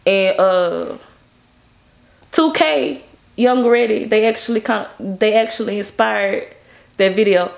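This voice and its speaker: A woman from Baton Rouge speaks with a gravelly, fry-tinged edge in her voice. She tells stories in a casual interview as a music video director, with animated energy. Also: measured pace. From Baton Rouge, Louisiana. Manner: animated, acts out quoted people in a higher voice.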